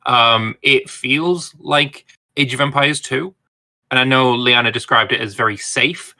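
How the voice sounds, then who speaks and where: A man co-hosting a casual gaming podcast, talking excitedly and swearing casually. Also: medium pitch, unhurried. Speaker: podcast co-host.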